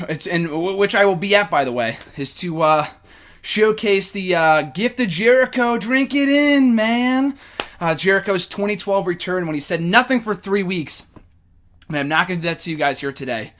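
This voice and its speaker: Out of breath guy hosting a fan q&a, high voice, super amped, rambly. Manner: excited, rambling, with swearing. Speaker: host. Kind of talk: casual fan Q&A vlog.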